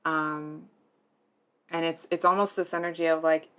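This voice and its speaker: A woman giving a tarot reading to her viewers, speaking softly and hesitantly, earnest and emotionally moved, with many fillers and restarts. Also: low-pitched, flat delivery, moderate pace, clean tone. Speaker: tarot reader.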